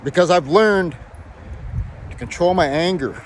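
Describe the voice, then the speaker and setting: A man's voice: high voice, a little slow, a little hiss or hum. A man from Canada delivering a heated, profane, defiant rant to camera outdoors. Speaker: video blogger. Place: outdoors in a built-up area.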